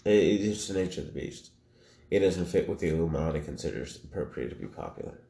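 A man co-hosting a podcast in casual banter, joking and deadpan, swearing freely. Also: sits low, quick pace, gravelly. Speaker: podcast co-host. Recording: echoey room with faint noise.

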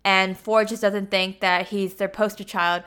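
A woman's voice: mid-range voice, flat delivery, a little slow, fairly bright tone, clear, resonant tone. A woman casually retelling a film plot, chatty and peppered with 'like' and 'you know'.

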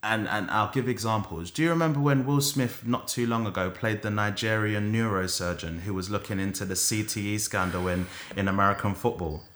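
A man co-hosting a podcast, chatting in an animated, opinionated way. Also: lowish voice, fairly quick, hardly any pauses. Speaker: podcast co-host. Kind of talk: casual chat. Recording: roomy echo.

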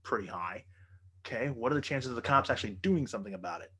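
A man in casual conversation tells a rambling, profane story. He jumps into loud, animated versions of the people he quotes and keeps checking in with his listener. His voice sits at an average pitch for a man. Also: fast talker, husky.

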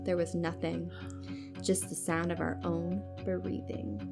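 A woman podcast host reading a spooky story aloud in a hushed, suspenseful way. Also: on the low side, flat delivery, takes it slowly, vocal fry, over music.

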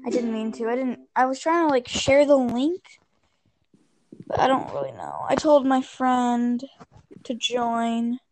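A woman's voice: on the high side, big pitch swings, a little slow, darkish tone, no echo. A young woman co-hosting a casual podcast, rambling and distracted, swearing offhandedly as she fiddles with links. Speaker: podcast co-host. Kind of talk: casual chat.

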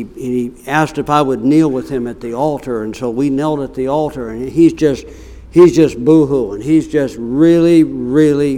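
A middle-aged man preaching a sermon, telling stories and swinging from quiet asides to loud, raised passages. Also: medium pitch.

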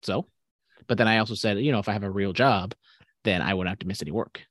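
A man's voice: fairly low pitch, fast talker, a bit bright, no room sound, clean studio sound. A young man co-hosting a podcast, grumbling and sardonic with casual, profane banter. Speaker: podcast co-host.

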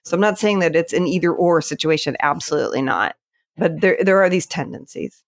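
A woman's voice: on the low side, brisk, no echo. Thoughtful woman with a dry close sound. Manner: thoughtful, hesitant with many fillers and restarts. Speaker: podcast guest, landscape photographer. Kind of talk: casual interview chat.

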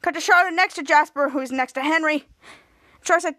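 A woman's voice: sits high, brisk, pushed and bright, dry recording, clean studio sound. A woman hosting a podcast, casually recapping a TV episode scene by scene with lots of "cut to" and questioning fillers. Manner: rambling, repeats "cut to" with questioning "hmm?" fillers. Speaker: podcast host.

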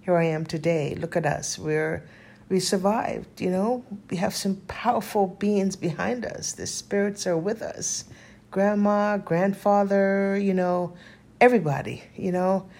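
A woman in her fifties vlogging in a casual, heartfelt way, earnest and spiritual, rambling with frequent pauses and fillers. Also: medium pitch, fairly even intonation, darkish tone. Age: 50s. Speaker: lifestyle vlogger.

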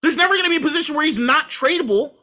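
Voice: sits high, lively intonation, very fast, pushed and bright. A sports podcast host in casual talk, ranting in a heated, profane way and hammering points home by repeating them. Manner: emphatic repetition.

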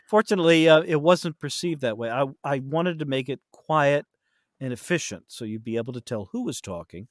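A man talking casually as a podcast guest about narrating an audiobook, animated when he tells stories. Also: fairly high pitch, fairly quick, no room sound, studio quality. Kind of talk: casual chat.

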